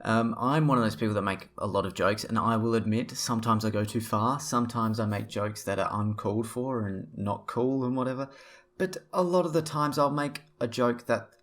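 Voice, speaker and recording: A man's voice: medium pitch, fairly quick, fairly bright tone. A young man talking to camera in a casual opinion vlog, rambling and blunt, swearing freely. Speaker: vlogger.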